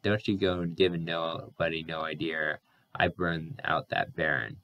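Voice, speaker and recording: A brash young country man grumbles and defends himself, read by a man. The voice is low, and the rural phrasing stays blunt. It sounds like a storybook reading. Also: little pitch movement, unhurried, fairly bright tone, full character voice.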